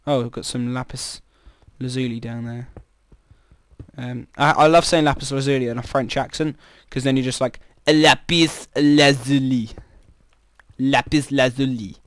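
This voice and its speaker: A man's voice: mid-range voice, level tone, moderate pace, no room sound, clean studio sound. A man giving rambling, chatty commentary while playing a game, breaking into startled exclamations. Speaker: gamer. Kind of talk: casual gameplay commentary.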